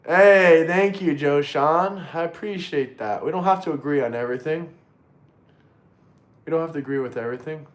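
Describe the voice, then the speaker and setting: A man hosting a casual livestream and talking to his chat, excitable, swearing freely and repeating himself. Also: fairly high pitch, normal speed. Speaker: livestream host reading chat. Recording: roomy echo.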